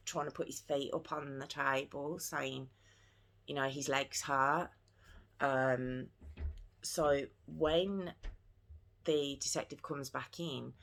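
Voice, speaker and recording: A woman's voice: very deep voice, fairly bright tone. A woman recounting a true crime case in an earnest, casual retelling. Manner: earnest, retelling events in her own words.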